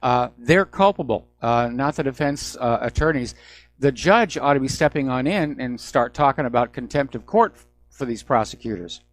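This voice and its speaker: A man's voice: medium pitch, normal speed, dry recording. A man hosting a call-in radio talk show, explaining points in a conversational, sometimes wry way. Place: Hawaii.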